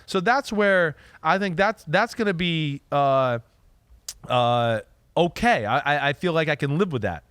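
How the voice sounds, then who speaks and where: Guy host talking football, kinda high voice, emphatic, keeps saying right?, dry studio sound. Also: unhurried, smooth, no echo. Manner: animated, emphatic, frequent "right?" tags. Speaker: podcast host, former quarterback. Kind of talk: casual football analysis chat.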